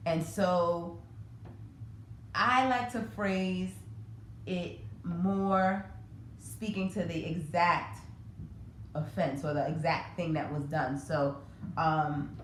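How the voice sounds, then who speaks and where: A woman hosting a parenting podcast, talking casually with many fillers and restarts. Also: on the low side. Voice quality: conversational, many fillers and self-corrections. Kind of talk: casual educational talk. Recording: echoey room with faint noise.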